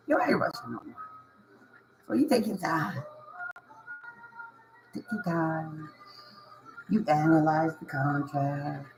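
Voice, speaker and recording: A tarot reader talks straight to the viewers in loose, slangy speech. The reader repeats key phrases and keeps a reassuring, coaching tone, with a mid-range voice. Soft music sits faintly underneath. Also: mid-range voice, measured pace, pauses often, poor audio. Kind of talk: casual tarot reading to viewers.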